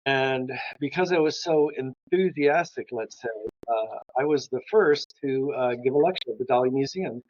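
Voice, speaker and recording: A man's voice: medium pitch, moderate pace, hardly any pauses, darkish tone, no echo. An older man, a guest art historian, telling enthusiastic stories in an interview and acting out the dialogue in them. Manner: enthusiastic anecdotes, acts out dialogue. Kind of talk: storytelling interview. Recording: slightly dull lo-fi sound.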